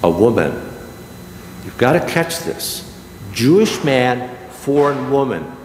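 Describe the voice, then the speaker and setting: An older male pastor preaches at an unhurried pace, leaning on his words with deliberate pauses. His voice sits at a middle pitch. It rings through a reverberant church sanctuary over a faint hum of room ambience. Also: animated. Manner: slow, emphatic preaching with dramatic pauses. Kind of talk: sermon. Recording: echoey church hall with long reverb.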